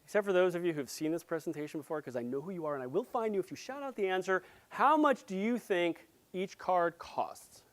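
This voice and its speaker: A man giving a live conference presentation, playful and jokey, with quick asides to the audience. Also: high-pitched. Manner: grows loud and excited as he goes. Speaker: conference speaker.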